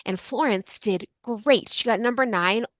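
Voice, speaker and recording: A podcast co-host in her forties from Yucca Valley tells fast, rambling stories in casual chat. Her voice is fairly high-pitched and fairly bright. The recording is dry.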